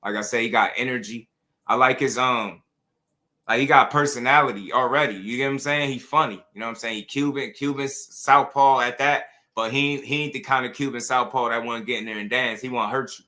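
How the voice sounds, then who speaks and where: A man's voice: mid-range voice, steady tone, fairly quick, sharp tone. A man hosting a boxing show in casual, playful commentary full of slang and jokes. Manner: playful, jokey, heavy slang.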